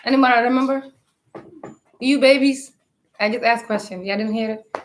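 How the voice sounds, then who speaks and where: A woman's voice: on the high side, steady tone, moderate pace. A woman giving a spiritual talk to online followers. She speaks emphatically, piles up rhetorical questions and calls on listeners to answer.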